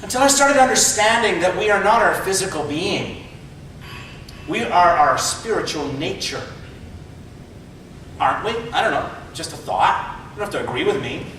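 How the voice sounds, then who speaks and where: A man in his fifties delivers a humorous motivational speech, talking conversationally and often repeating his first words before a thought. His voice sits high for a man. It rings heavily through a large hall, picked up from a distance with a faint rumble behind it. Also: animated, normal speed, long pauses, pushed and bright. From Canada. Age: 50s. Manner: conversational, repeats words when starting sentences. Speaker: motivational speaker.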